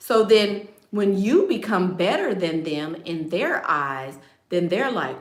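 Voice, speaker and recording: A woman's voice: lowish voice, big pitch swings, takes it slowly, roomy sound. A woman hosting a casual livestream, giving blunt advice in a sassy, joking way and laughing often.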